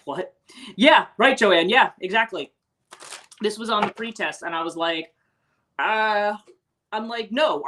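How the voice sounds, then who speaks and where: A woman's voice: fairly low pitch, a bit bright, slight background noise. A woman hosting a casual morning livestream, chatting with viewers and rambling with many restarts and asides. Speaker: host; teacher and life coach.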